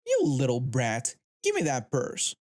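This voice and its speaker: A man voicing a shrill, entitled middle-aged woman who steals and lashes out. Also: huge pitch swings, measured pace, darkish tone. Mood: contemptuous.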